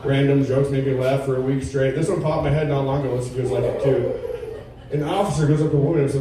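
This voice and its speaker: A man in his thirties doing a stand-up comedy set with a laid-back, deadpan delivery at a comedy club. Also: mid-range voice, quick pace, heavy reverb, distant mic, a crowd in the background, low-quality recording. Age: 30s. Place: comedy club with a live audience.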